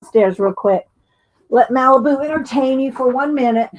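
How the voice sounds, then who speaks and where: A woman's voice: high-pitched, normal speed. A middle-aged woman hosting a casual livestream, chatting in a rambling way, laughing often and greeting her viewers. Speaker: livestream host.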